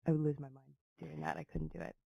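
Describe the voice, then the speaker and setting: Relaxed woman guest, gravelly and tired-sounding, dry humor, close and dry mic. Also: low-pitched, quick pace, no echo, dull audio. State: tired, husky voice. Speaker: guest actress. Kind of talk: casual chat.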